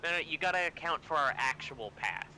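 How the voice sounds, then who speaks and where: A man playing a tabletop game, working out distances and excitedly explaining an accent joke. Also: a little high, fairly quick, slight background noise. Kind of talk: casual game chat over voice call.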